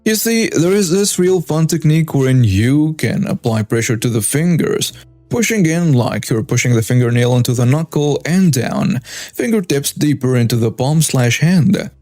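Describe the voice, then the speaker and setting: A man narrating a first-person story with wry, animated asides. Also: medium pitch, moderate pace, dry recording, soft background music.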